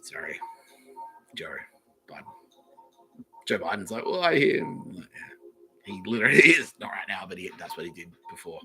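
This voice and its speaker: A man's voice: deep voice, sing-song, normal speed, long pauses, pushed and bright, faint music behind, poor audio. An Australian man hosting a podcast, rambling casually with plenty of swearing and chuckles. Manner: profane, meandering, chuckling. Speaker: podcast host.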